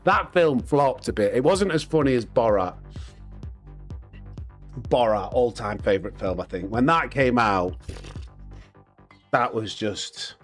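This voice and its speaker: A man's voice: medium pitch, expressive, a little slow, pauses often, faint music behind. A man in his thirties hosting a live gaming stream, cheeky and jokey, laughing often and chatting with viewers. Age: 30s. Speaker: streamer host. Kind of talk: casual live-stream chat while gaming.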